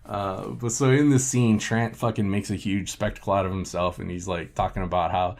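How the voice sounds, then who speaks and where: A man hosting a podcast, casually recapping a film with profane, animated storytelling. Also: low-pitched, moderate pace, gravelly. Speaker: podcast host.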